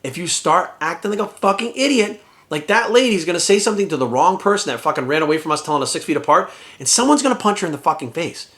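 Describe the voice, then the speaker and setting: A fitness vlogger venting straight to his viewers, firing off a heated, profanity-laced monologue. His voice sits a little high for a man, and the words come in a rapid, relentless stream. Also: animated, a bit bright. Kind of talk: ranting vlog monologue.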